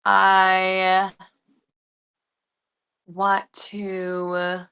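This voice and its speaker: Young US actress, casual interview guest, bright voice, rambling and chatty with lots of fillers. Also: female voice, medium pitch, monotone, drawn-out words, clean tone. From United States.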